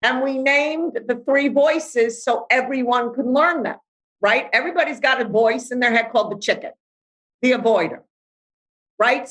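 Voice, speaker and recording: A woman's voice: high-pitched, fairly bright tone, low-quality recording. A middle-aged woman life coach, speaking bluntly and animatedly in a podcast interview, acting out voices as she talks.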